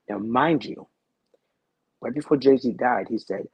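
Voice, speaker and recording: Talk-show guest, male, deep and raspy, dry close sound, intense storyteller who repeats himself. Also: animated, fairly quick, no echo, highs cut off. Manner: rambling, repeats phrases, earnest and intense. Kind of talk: telling a personal story in a talk-show interview.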